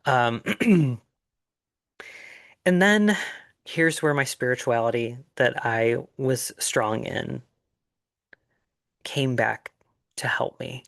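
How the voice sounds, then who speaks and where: A middle-aged man telling his own story in an earnest, reflective way, with pauses and fillers. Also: mid-range voice, creaky, a bit bright, no room sound, studio quality. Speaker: life coach sharing his story. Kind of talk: personal storytelling monologue.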